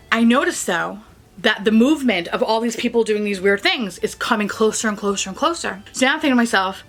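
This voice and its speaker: A woman's voice: on the high side, moderate pace. A young woman vlogger telling a story, swearing constantly and tagging lines with "like" and "right?". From New York. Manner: animated, swears constantly, many "like" and "right?" tags. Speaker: beauty vlogger. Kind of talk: profane storytelling to camera.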